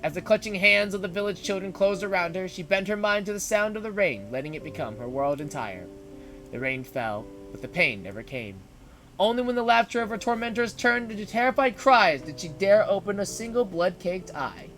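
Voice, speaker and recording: A man reads a story aloud on stream with a high, bright voice. He narrates with feeling and breaks in with joking remarks. Faint music plays behind him. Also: lively intonation, a little fast.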